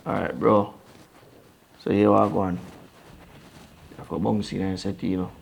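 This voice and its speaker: In a crime drama, an actor with a Jamaican accent plays a man who takes in his deported brother, speaking blunt, frank and lecturing dialogue in Jamaican Patois. His deep voice is flat, a little slow and creaky, heavily acted, with slight background noise.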